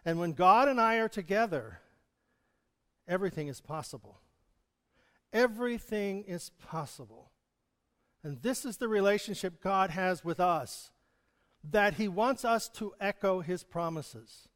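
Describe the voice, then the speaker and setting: A man's voice: high-pitched, expressive, measured pace, long pauses, fairly bright tone, big-room sound. A male pastor preaching a sermon in a conversational manner, chuckling often. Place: church hall.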